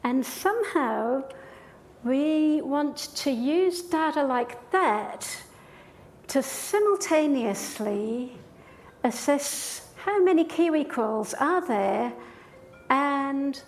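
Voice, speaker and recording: A woman's voice: high-pitched, lively intonation, extremely slow. A woman professor giving a public lecture in a hall with an audience, explaining ideas step by step in an enthusiastic way.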